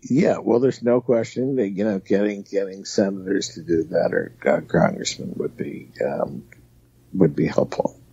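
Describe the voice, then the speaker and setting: A man co-hosting a political talk podcast, speaking in a measured way and hedging his points with fillers. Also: low voice, gravelly, dark tone, breathy edge. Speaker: co-host, political correspondent. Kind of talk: political talk show discussion. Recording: dry, dull lo-fi sound.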